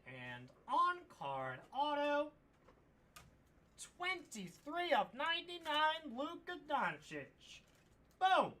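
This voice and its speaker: A woman announcing trading card pulls on a live stream with hyped excitement. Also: high-pitched, slow. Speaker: card breaker.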